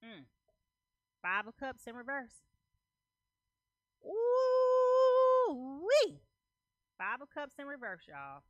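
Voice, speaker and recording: Woman tarot reader, slightly high, punchy and repetitive, casual slang, dry recording. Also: sing-song, moderate pace, bright, forceful tone, no room sound, highs cut off. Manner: emphatic, repeats phrases, checks in with "okay?"; loose slangy talk. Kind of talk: casual tarot reading to camera.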